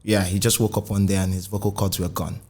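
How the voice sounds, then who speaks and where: Man, podcast host, lowish voice, conversational interviewer. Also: flat delivery, fast, a little mellow. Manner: conversational, frequent short affirmations. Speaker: podcast host, music journalist. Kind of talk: casual interview.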